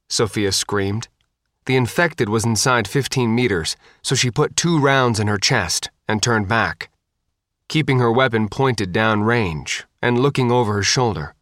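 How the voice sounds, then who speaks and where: A man reading an audiobook with steady, scripted narration. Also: mid-range voice, a little slow, no room sound, studio quality.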